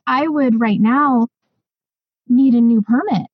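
Woman, podcast co-host, husky breathy tone, dry muffled sound, casual chatter. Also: a little high, slow, dry recording. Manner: chatty, lots of fillers and excited asides. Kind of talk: casual chat.

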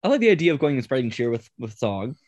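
A man's voice: mid-range voice, big pitch swings, quick pace, a little mellow, dull audio. A man hosting a casual podcast, chatty and rambling, often laughing. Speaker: podcast host.

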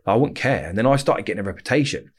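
A man's voice: on the low side, expressive, very fast, slightly rough. A man, bluntly telling his story in a casual interview, swearing often and rambling. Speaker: interview guest.

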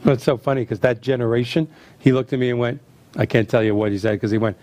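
A middle-aged man hosting a chat, telling family stories and acting out the quotes with lively energy. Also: mid-range voice, quick pace, no room sound. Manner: animated storyteller acting out quotes. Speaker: host. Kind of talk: casual storytelling chat.

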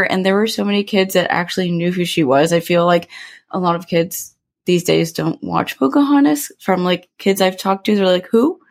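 Low-voiced woman chatting on a podcast. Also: gravelly. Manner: chatty storytelling with many fillers. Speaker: podcast co-host. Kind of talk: casual chat.

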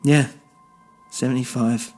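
A man's voice: mid-range voice, fairly even intonation, slow pace, darkish tone, faint music behind. A man playing a bitter, world-weary old man posing as a police officer, who talks scornfully.

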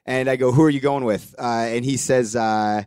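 A man's voice: mid-range voice, fairly even intonation, normal speed, a little mellow, clear, resonant tone, no room sound, studio quality. A young adult man hosting a podcast, telling a story in casual chat with voiced quotes and the odd swear. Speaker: podcast host.

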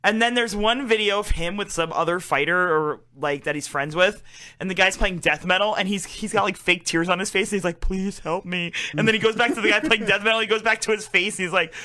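A man hosting a casual podcast, excitable and swearing a lot as he gushes over a fighter. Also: sits high, fast. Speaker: podcast host.

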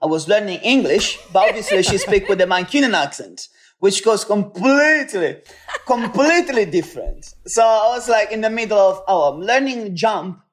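Italian man laughing through halting English. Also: high-pitched, animated. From Italy. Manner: laughing, repeats words as he searches for English. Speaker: guest. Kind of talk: casual chat.

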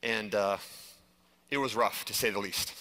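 A man speaks to a live audience in a bright, forward voice. He tells his story with animation and fills his talk with "like". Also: lowish voice, a little slow. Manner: animated storytelling, heavy use of "like". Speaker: conference speaker. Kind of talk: live stage presentation.

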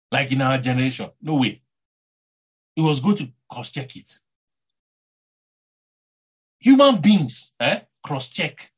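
Nigerian male preacher, husky mid-pitched voice, animated and rhetorical sermon delivery. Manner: animated, rhetorical, repeats words, asks the congregation "eh?".

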